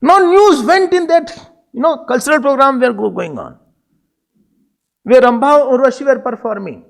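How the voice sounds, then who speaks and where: A man, a swami telling a devotional story in an animated way, dropping in Hindi phrases. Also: very high-pitched, normal speed, gravelly. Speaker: swami, spiritual teacher.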